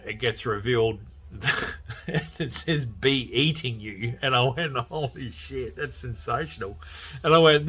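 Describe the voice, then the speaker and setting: An Australian man rambles through a horror movie review in a loose, excitable podcast chat, swearing freely and often breaking into laughter. His voice is bright and forceful, with a husky, breathy edge running underneath. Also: medium pitch. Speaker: podcast host. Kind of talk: casual film review chat.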